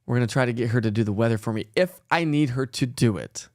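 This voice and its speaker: A man's voice: medium pitch, fast talker, darkish tone, dry recording, studio quality. A man in his thirties hosting a casual morning weather livestream, chatting and rambling with folksy asides. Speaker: weather show host.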